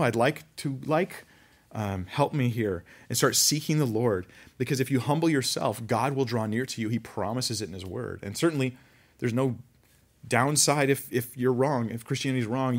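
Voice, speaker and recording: A man preaching a conversational sermon, reading scripture aloud and commenting with animated asides. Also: mid-range voice, fairly quick, slightly rough. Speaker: pastor.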